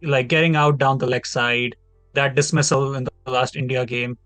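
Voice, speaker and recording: A man's voice: mid-range voice, fairly even intonation, moderate pace, fairly bright tone, dry recording, faint music behind. A man in his twenties, a podcast panelist giving a long, heated, opinionated take in casual discussion. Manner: opinionated, talks at length, heated.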